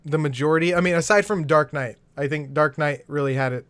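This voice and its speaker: Male podcast host, slightly high voice, energetic and rapid, dry close mic. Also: clear, resonant tone, dry recording. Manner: fast, energetic, swearing. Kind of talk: casual chat.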